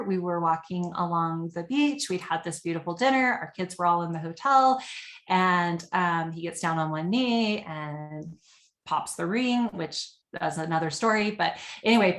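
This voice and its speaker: A woman's voice: medium pitch, a bit bright, reverberant. A woman giving a webinar presentation over a computer mic, earnest and conversational with frequent fillers.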